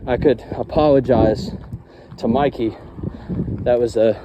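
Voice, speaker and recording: A man's voice: medium pitch, fairly even intonation, unhurried, dull audio. A young man vlogging outdoors while he walks by water, telling his life story in a frustrated, venting, swearing way. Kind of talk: personal story vlog while hiking. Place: outdoors by water, walking a trail. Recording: outdoor recording with loud wind and water noise.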